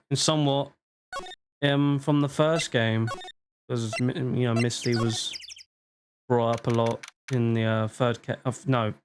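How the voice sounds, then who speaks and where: A woman's voice: a bass voice, a little hiss or hum. A woman streamer giving casual, rambling commentary while playing a game. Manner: rambling, self-correcting.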